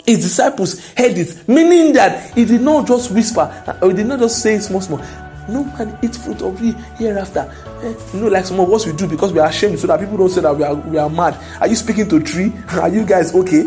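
High-voiced, emphatic preacher. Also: male voice, fast, few pauses, faint music behind. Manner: emphatic, rising to loud declarations. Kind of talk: sermon.

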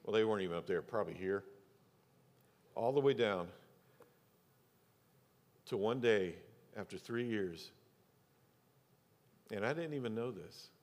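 A man's voice: lowish voice, lively intonation, measured pace, pauses often, a little mellow. A middle-aged man preaching as pastor, telling a personal story and acting out the voices of the people in it. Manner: storytelling, acts out quoted voices, drops to near whisper for emphasis. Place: church sanctuary. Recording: reverberant hall.

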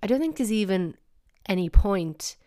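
An Irish woman hosting a podcast, talking casually in a playful, animated, mock-baffled way. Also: mid-range voice, normal speed, dry recording, clean studio sound. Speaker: podcast host. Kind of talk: casual solo podcast talk.

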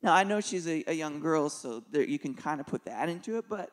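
A man's voice: on the high side, animated, fairly quick. A middle-aged man preaching a sermon in a church, telling a personal story in a conversational, joking way. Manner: conversational and joking, with soft dips for emphasis. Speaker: pastor.

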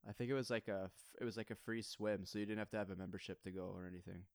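A man's voice: fairly low pitch, steady tone, rapid-fire, clean tone, no room sound, clean studio sound. A man in his thirties, a podcast co-host, telling a family story in casual chat and laughing often.

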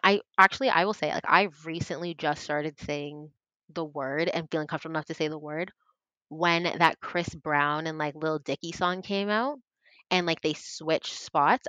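A young woman in her twenties, a podcast guest telling her story in casual chat, earnest and animated, acting out what others said. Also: on the low side, no room sound, muffled recording. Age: 20s. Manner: earnest, animated, acts out quoted voices.

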